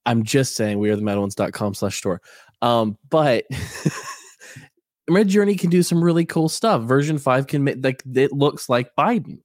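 A man co-hosting a casual podcast, telling stories with animated indignation. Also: mid-range voice, a little slow, no echo, clean studio sound. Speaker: co-host.

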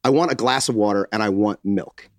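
A man's voice: on the low side, fairly quick, no echo, clean studio sound. A middle-aged man, a podcast co-host, telling a story in casual chat, acting out quotes and swearing freely.

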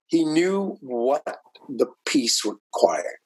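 A man as a podcast guest, telling stories in a lively way. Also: medium pitch, measured pace, slightly rough. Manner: animated, voices people when quoting them. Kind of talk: podcast interview storytelling.

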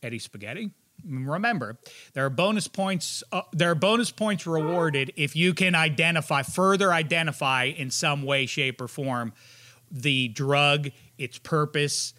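A man hosting a casual sports podcast, joking loudly and running a quiz game. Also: a little high, a little slow. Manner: loud, joking, animated. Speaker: podcast host.

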